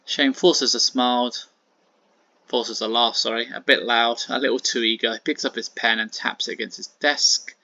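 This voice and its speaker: A man's voice: medium pitch, fairly even intonation, moderate pace, bright, forceful tone, no room sound. A man casually narrating a wrestling simulation game, with frequent fillers. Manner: casual, with many fillers and "sort of". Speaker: wrestling sim host. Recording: dull, lo-fi and dry.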